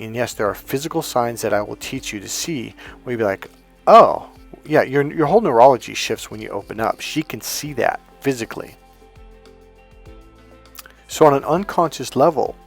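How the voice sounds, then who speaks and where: Earnest man coaching, soft music behind. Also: mid-range voice. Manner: earnest, emphatic, acts out quotes. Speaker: dating coach. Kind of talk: coaching talk with personal story.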